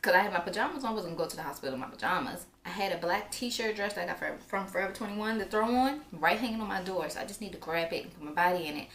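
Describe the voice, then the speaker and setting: A woman's voice: mid-range voice, expressive, rapid-fire, hardly any pauses, fairly bright tone. A young woman telling a personal story in a casual, chatty way, with lots of filler words. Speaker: vlogger. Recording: roomy echo, faint background noise.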